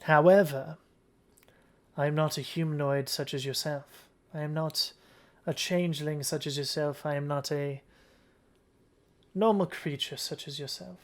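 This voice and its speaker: A game master voicing a calm goddess disguised as a huntress, speaking softly and graciously in a tabletop game. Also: mid-range voice, a little slow, long pauses, lightly acted.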